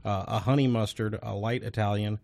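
A man co-hosting a casual podcast, telling absurd stories with a deadpan delivery. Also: on the low side, fairly quick, gravelly, no room sound, clean studio sound. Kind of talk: casual banter.

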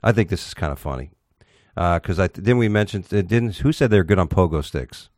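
Blunt, gravel-free low-voiced male host. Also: expressive, fairly quick, a little mellow, no room sound, clean studio sound. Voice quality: profane, blunt, reads news with stumbles. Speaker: show host reading news stories. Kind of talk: casual talk-show banter.

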